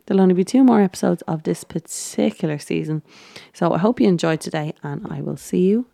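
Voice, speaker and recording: Low, gravelly woman chatting casually. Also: brisk, dark tone, dry recording, clean studio sound. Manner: chatty, enthusiastic, many fillers. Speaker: podcast host. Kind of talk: casual podcast recap.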